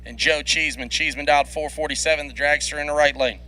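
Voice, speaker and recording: A man's voice: on the high side, steady tone, pushed and bright, rough recording. A man calling drag races live, rattling off dials and reaction times, laughing often between runs. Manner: quick play-by-play, laughs often. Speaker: drag racing commentator. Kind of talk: live race commentary. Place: racetrack broadcast booth.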